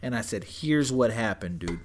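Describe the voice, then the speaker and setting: A young man telling a story in casual chat, animated and profane, saying "dude" and "bro" constantly. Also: mid-range voice, normal speed.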